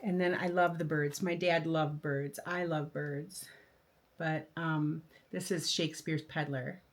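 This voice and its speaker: In a casual show-and-tell craft video, an older flosstube host talks excitedly about her new patterns, often using fillers and starting sentences over. She speaks at a measured pace in a low voice with fairly even intonation.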